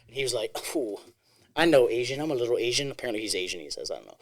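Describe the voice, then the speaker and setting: A man's voice: medium pitch, big pitch swings, rapid-fire, a crowd in the background. A man hosting a casual podcast, telling stories animatedly, swearing and laughing often. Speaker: podcast host. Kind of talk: casual chat.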